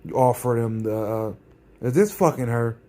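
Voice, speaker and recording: In this vlog rant, a man with a warm, mid-range voice speaks at a moderate pace. His commentary is sarcastic and combative, with frequent repetition of phrases for emphasis.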